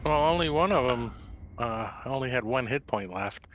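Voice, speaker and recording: A man running a tabletop game as game master, animated and jokey. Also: mid-range voice, moderate pace, highs cut off, a little hiss or hum.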